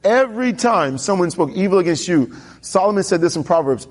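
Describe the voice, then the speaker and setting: High husky-voiced preacher man. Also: brisk. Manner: animated storytelling, voicing characters with pitch jumps; asks the congregation questions. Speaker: pastor. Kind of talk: sermon.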